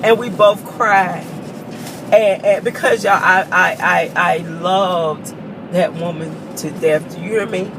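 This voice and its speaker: A woman's voice: fairly low pitch, fairly even intonation, slow pace, noisy background. Tearful woman sharing a testimony. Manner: emotional, earnest, addresses viewers as y'all. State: choked up with tears. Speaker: vlogger. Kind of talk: personal testimony to viewers.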